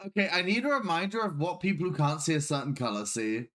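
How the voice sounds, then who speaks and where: A man in casual tabletop role-play, playful and quick to laugh. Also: a little high, background noise. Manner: playful, laughs often, animated. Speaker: player.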